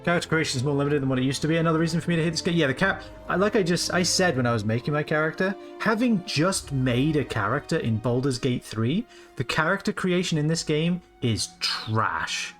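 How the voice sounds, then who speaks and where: Animated late-twenties streamer man. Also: a little high, a little fast, hardly any pauses, faint music behind. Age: late 20s. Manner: rambling, casual, swears freely. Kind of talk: live gameplay commentary.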